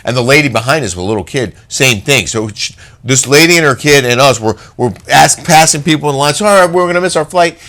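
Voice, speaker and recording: A middle-aged man co-hosting a radio talk show tells a travel story in casual conversation, acting out its voices and sound effects. His mid-range voice is brisk with a sharp tone.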